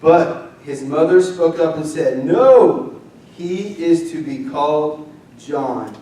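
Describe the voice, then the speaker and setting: A young man preaching a lively, conversational sermon as pastor, leading the congregation in call-and-response. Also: on the high side, takes it slowly. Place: church sanctuary. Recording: roomy distant church mic.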